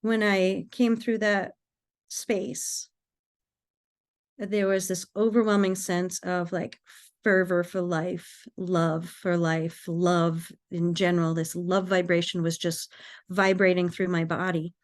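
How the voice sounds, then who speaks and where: A woman, a podcast guest, telling a personal story in an earnest, animated way. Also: on the low side, takes it slowly.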